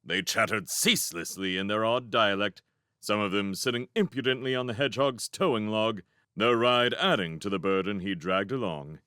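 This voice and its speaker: A man reading a children's fantasy novel aloud as narrator, in an expressive storybook style. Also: fairly low pitch, normal speed, clean tone, dry recording, clean studio sound. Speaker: fan audiobook reader.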